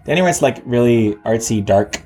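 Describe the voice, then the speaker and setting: A man in casual chat about his old band, rambling and halting, full of fillers and restarts. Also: mid-range voice, animated, mellow. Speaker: musician guest.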